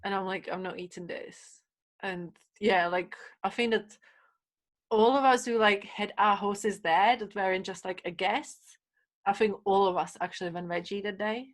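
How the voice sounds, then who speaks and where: Chatty woman telling animated stories. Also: medium pitch, moderate pace. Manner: animated storyteller, many fillers, acts out quotes. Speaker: podcast guest. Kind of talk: casual chat.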